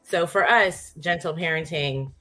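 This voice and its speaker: A woman co-hosting a casual podcast discussion, explaining her points in a measured way with a few fillers. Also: lowish voice, a bit bright, faint music behind. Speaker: podcast co-host.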